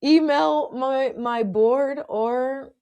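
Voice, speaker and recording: A woman's voice: high voice, very slow, warm tone, clear, resonant tone, muffled recording. Chatty woman telling work stories. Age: adult with children. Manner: chatty and emphatic, often tags "okay?", laughs often. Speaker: podcast host. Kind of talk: casual storytelling monologue.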